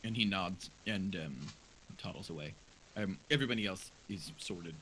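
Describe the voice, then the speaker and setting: Game master, male, bright tone, easygoing rambling narration, faint hiss. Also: low-pitched, moderate pace, low-quality recording. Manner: relaxed, rambling narration with fillers.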